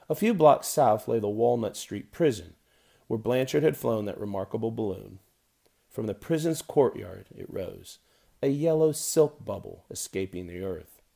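A man reads a novel aloud in a measured, wry manner. His voice is low, mellow and dark, with a gravelly edge. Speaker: audiobook narrator. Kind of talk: scripted narration.

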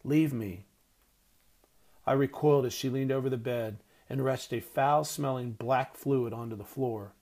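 A man reading a first-person audiobook narration in a hushed, tender way. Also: medium pitch, steady tone, normal speed, hardly any pauses.

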